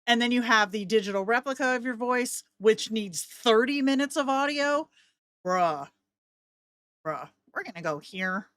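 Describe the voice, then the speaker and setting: A woman walking through a voice software tool in a casual, chatty way, with joking asides to herself. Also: a little high, moderate pace, few pauses, no echo. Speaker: content creator.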